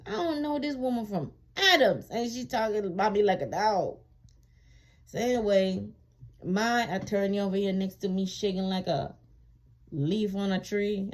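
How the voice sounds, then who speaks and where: A woman casually telling a personal story to viewers, emphatic and colloquial, repeating phrases for emphasis and growing animated when she recalls being wronged. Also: medium pitch, unhurried, pauses often. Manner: animated when reliving indignation. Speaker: vlogger sharing her immigration experience.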